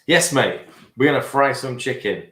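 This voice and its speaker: A man's voice: mid-range voice, animated, moderate pace, reverberant, background noise. A man hosting a live cooking stream from his home kitchen, chatting in a rambling, self-correcting way. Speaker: host of a cooking livestream. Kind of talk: casual live cooking chat.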